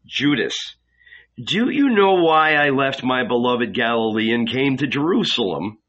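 A man's voice: medium pitch, lively intonation, measured pace, a bit bright. A man voicing an anguished adult male prophet in an audiobook reading, intense and pleading. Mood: solemn. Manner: intense, pleading, rising to fervor. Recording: dull lo-fi recording.

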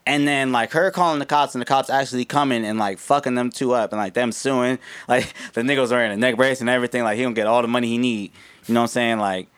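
A man's voice: medium pitch, fairly even intonation, fast, fairly bright tone, smooth. A man co-hosting a casual podcast, talking loosely and profanely with lots of restarts and fillers. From United States. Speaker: podcast co-host. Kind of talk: casual chat.

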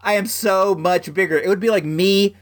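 A man hosting a podcast, telling a story in a casual, animated way with lots of "like" fillers. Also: high voice, moderate pace. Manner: animated, heavy use of "like" fillers.

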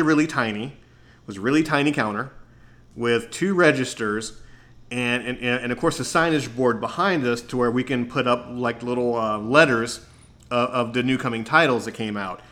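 A male host talking in a relaxed, meandering way, his voice bright and forward. He chats casually with a guest on his own show. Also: mid-range voice. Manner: relaxed, rambling descriptive talk. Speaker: podcast host. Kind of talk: casual chat.

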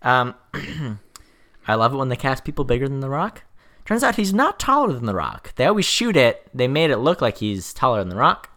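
A man's voice: mid-range voice, very animated, normal speed, a bit bright. A man on a casual movie podcast shares trivia, and his voice rises and falls with animation. He laughs easily between points. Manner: laughing often, sharing trivia. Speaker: podcast co-host.

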